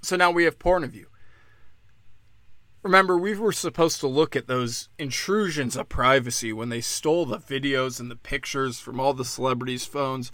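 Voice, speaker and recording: A man's voice: medium pitch, moderate pace, sharp tone, dry recording. A man from Pennsylvania delivering a solo political rant, profane and mocking, firing off sarcastic rhetorical questions.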